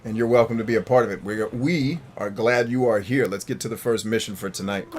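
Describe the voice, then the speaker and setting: A man's voice: fairly low pitch, brisk, a little mellow, slight background noise. A man hosting a gameplay stream, joking, rambling and talking to his chat. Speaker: gaming streamer host. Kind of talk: casual gameplay commentary.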